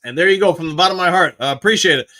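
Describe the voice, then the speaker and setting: Upbeat guy reading live chat, highish voice, bright tone. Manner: upbeat, rapid shout-outs to chat.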